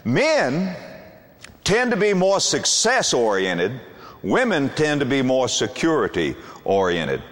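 A man's voice: medium pitch, huge pitch swings. Older man preaching with swooping emphasis. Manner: emphatic, swooping preacher cadence with dramatic pauses. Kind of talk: sermon. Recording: long hall reverb.

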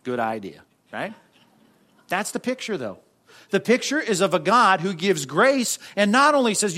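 A man preaching a sermon in a conversational way, with frequent asides to the congregation and sudden shifts from loud to soft. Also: high-pitched, very animated, moderate pace. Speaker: pastor.

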